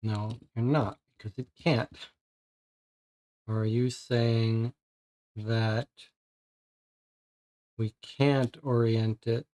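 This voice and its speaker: A man's voice: medium pitch, fairly even intonation, extremely slow, long pauses, mellow. A man streaming a puzzle game, thinking aloud and muttering in frustration as he works through it.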